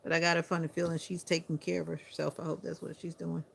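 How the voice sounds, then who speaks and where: Sleepy, gravelly-voiced woman chatting on a livestream. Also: fairly low pitch, level tone, a little hiss or hum. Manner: unhurried, chatty, talking to viewers. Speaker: livestream host. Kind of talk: casual livestream chat.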